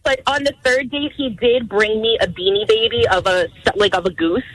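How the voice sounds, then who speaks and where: A woman's voice: fairly high pitch, normal speed, low-quality recording. A woman calling in to a radio show, telling a story in a bubbly, self-mocking way. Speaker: caller. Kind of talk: phone-in radio chat.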